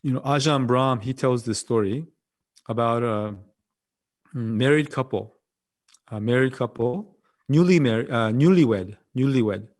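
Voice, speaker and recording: A man with a Korean accent, a Buddhist monk giving a dharma talk over a video call, gentle and halting, often repeating his phrases. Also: medium pitch.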